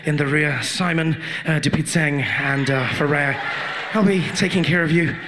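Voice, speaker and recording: A man playing a calm male airline pilot, giving an unhurried routine announcement full of uhs, in a stand-up act-out. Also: on the high side, noisy background, voice pushed down, lightly acted.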